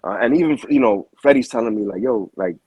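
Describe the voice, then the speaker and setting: A boxing manager tells his story in loose, slangy talk and keeps restarting his sentences. His voice is husky. The sound is close and dry. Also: mid-range voice, fast talker, no echo, poor audio. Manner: animated storyteller, heavy slang, frequent restarts. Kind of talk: casual interview storytelling.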